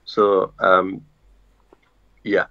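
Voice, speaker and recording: Male guest on a live stream: low, creaky voice, halting delivery, muffled lo-fi sound. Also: monotone, sharp tone. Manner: halting, searching for words. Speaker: interview guest. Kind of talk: casual live-stream conversation.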